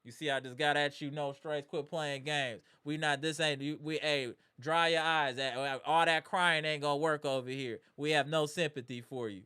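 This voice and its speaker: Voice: mid-range voice, normal speed, hardly any pauses, clean tone. Trash-talking sports reaction streamer. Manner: trash-talking, animated, slangy. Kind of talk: casual sports reaction rant.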